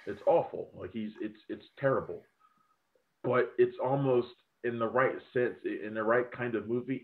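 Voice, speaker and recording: Male critic, lowish voice over a thin phone-like line; loose, profane, opinionated chat. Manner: rambling, profane, animated opinions. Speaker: film critic podcast host. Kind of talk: casual review chat.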